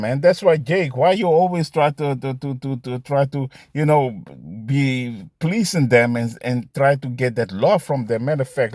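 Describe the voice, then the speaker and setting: Man, mid-pitched, casual street-preacher delivery, repeats "you see", laughs between points, dry close sound. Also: a little mellow, no echo. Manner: repetitive, ends phrases with "man" and "you see". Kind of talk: casual preaching with scripture readings.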